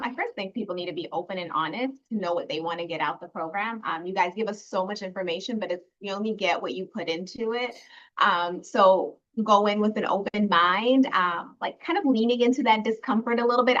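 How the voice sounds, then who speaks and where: A woman's voice: mid-range voice, a bit bright, dull audio. A woman alumna speaking earnestly and reflectively in a casual online panel, with many fillers. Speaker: program alumna. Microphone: video call.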